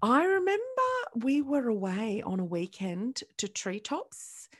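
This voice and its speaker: A woman co-hosting a podcast, chatting casually and telling stories with quick bursts and acted-out quotes. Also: fairly high pitch, very animated. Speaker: podcast co-host. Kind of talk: casual chat.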